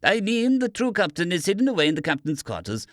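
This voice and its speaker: A captive doctor with a thick German accent, put on by a man, calm and formal in a stilted way. His voice sits higher than the narration and moves a lot. The sound is dry and close, like an audiobook booth. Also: fast, no room sound.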